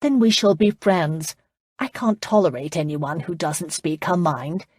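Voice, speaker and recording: A woman narrator voicing a lively, outspoken English noblewoman who teases and speaks her mind. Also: on the low side, unhurried, slightly rough, dry recording, studio quality. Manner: teasing, outspoken.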